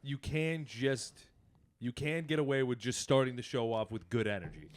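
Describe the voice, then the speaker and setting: A man's voice: mid-range voice, moderate pace. A young man guesting on a comedy podcast, with an ordinary mid-range voice. He talks bluntly and casually, swearing freely as he gives frank opinions.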